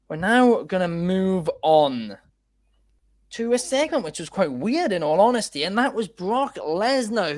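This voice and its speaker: A man's voice: high voice, no room sound. A man co-hosting a casual wrestling chat show, talking in a loose way with plenty of fillers and restarts. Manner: chatty, frequent fillers and restarts. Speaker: podcast co-host.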